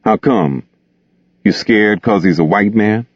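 A man's voice: lowish voice, takes it slowly, dry recording. A man reading the lines of a blunt, slangy young man who taunts and pushes his friends. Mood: taunting. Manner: blunt, slangy, clipped dialect. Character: young man, streetwise, restless and scornful. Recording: dull lo-fi dry recording.

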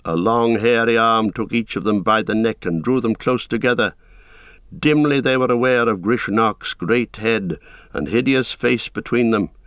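A man narrating an audiobook in a measured, steady storytelling manner. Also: mid-range voice, no room sound. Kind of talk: scripted narration.

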